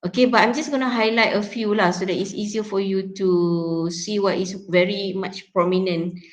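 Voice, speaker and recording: A woman's voice: medium pitch, steady tone, normal speed, rough recording. Malaysian woman lecturer, checking in often. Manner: explains step by step, often checking with "yeah?". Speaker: university lecturer. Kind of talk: teaching a phonetics class.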